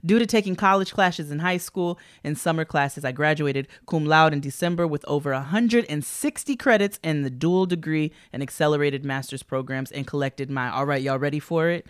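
A woman's voice: deep voice, normal speed, hardly any pauses, clean tone, no echo, clean studio sound. A woman co-hosting a podcast, reading listener letters aloud in an upbeat, playful way and hyping up the listeners. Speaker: podcast co-host.

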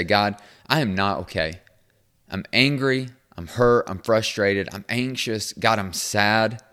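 Devotional host, male, very low voice, earnest and encouraging, casual delivery that softens to a hushed prayer. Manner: quiet and hushed when praying.

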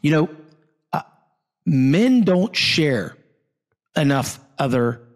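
A podcast host in his thirties from Southwest Florida runs a casual interview chat, his voice on the high side and his delivery slow. He's blunt and excitable, swears freely, and keeps calling his guest "dude."

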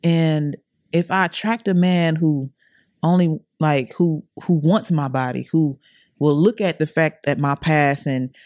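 A woman's voice: sits low, measured pace, a little mellow, dry recording, clean studio sound. A young adult woman as a podcast guest, telling her life story with earnest, repetitive, slang-filled casual talk. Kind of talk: emotional personal storytelling.

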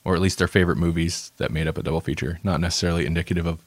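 Low-voiced joking podcast host. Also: male voice, fairly even intonation, very fast, no echo. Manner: joking, rambling, laughs often. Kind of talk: casual chat.

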